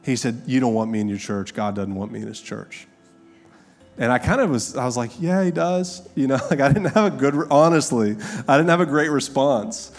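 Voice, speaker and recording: Brief: pastor in his thirties, casual sermon delivery, mid-pitched voice. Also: a little mellow. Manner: conversational, laughing asides, emphatic slow repeated lines.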